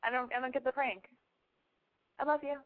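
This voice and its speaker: A woman hosting a call-in show with a fairly high voice. She talks in a blunt, joking, rambling way. The sound is narrow and phone-like. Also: fairly even intonation, brisk. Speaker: host taking calls. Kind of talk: casual call-in chat.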